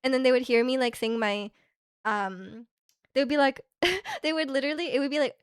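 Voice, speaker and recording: A young woman from Canada chatting with her live stream audience, her voice sitting a little higher than most. She rambles through her thoughts with plenty of filler words and easy laughter. The sound is close and dry, with no room around it. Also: brisk, smooth, dry recording. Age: young adult. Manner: rambling, heavy use of "like" fillers, frequent laughs. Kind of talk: casual chat reading stream chat.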